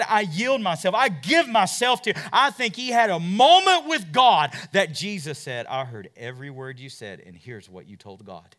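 A man preaching a sermon, telling a Bible story with questions to his listeners and big swings from loud to hushed. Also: fairly high pitch. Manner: asks the congregation questions. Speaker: pastor.

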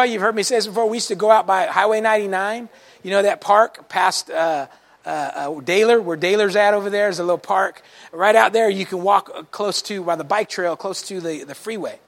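Man, pastor, sermon to a congregation, high voice, gravelly, folksy animated storytelling. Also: brisk. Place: church service before a congregation.

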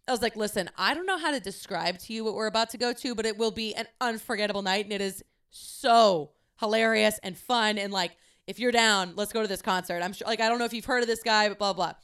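A young woman hosting her own podcast, telling a story in a casual, chatty way with lots of swearing and animated quoting. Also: medium pitch, quick pace, hardly any pauses, clear, resonant tone. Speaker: podcast host.

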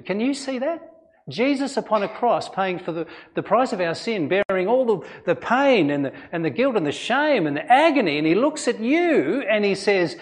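A man preaches a sermon with a fairly high-pitched voice. He speaks earnestly but conversationally, and keeps asking his listeners rhetorical questions. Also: very animated, normal speed. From Australia. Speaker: pastor.

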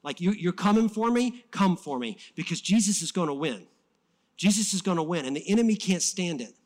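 Man, pastor, sermon, fired-up, fairly high voice, loud-to-soft swings. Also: lively intonation, brisk.

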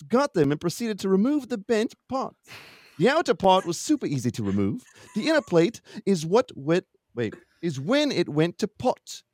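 A man's voice: sits high, sharp tone, no echo, pitched above the performer's own voice, exaggerated voice. Give me a man putting on a hammy mock accent to read a story aloud, dry. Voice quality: playfully hammy reading voice.

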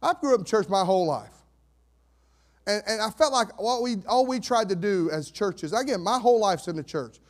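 A man preaching a sermon as pastor, fervent, swinging between fired-up shouts and hushed asides. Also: high-pitched, animated, normal speed. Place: church sanctuary.

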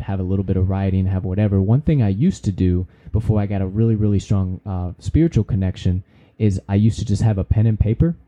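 A man's voice: lowish voice, mellow. A man hosting a podcast, giving a casual, preachy motivational talk with folksy slang and the odd swear word. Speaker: podcast host.

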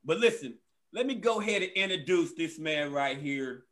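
A high, bright-voiced man hosts a comedy show, swearing freely and acting out his household in animated stories. His delivery is loud and lively. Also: normal speed. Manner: profane, animated storytelling that acts out family members. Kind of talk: stand-up storytelling. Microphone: live stream.

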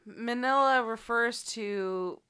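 A woman in a casual movie recap podcast, speaking in a bright, smooth voice. She is blunt and swears a lot, and she mocks the characters in quick put-on voices. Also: a little high. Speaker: podcast co-host.

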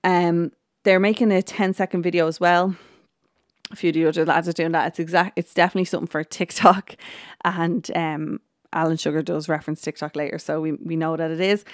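A woman's voice: fairly low pitch, little pitch movement, fairly quick, no room sound, studio quality. A woman hosting a podcast, chatting casually through an episode recap with plenty of ums, restarts and quoted lines. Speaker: podcast host.

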